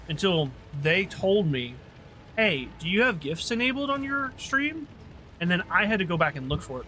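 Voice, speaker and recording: Bright-voiced chatty male streamer. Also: fairly high pitch. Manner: rambling, chatty, trails off and restarts. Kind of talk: casual livestream chat while gaming.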